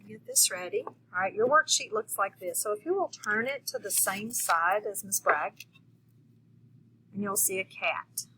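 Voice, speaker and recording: A woman's voice: medium pitch, expressive, measured pace, pushed and bright, a little hiss or hum, low-quality recording. A woman teacher giving a patient phonics lesson to young children, checking in often with them.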